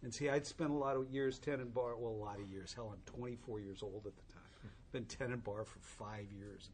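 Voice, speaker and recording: A man's voice: medium pitch, a little fast, a little hiss or hum. A man in his sixties tells a humorous, rambling story to an audience at a recovery meeting, with many restarts.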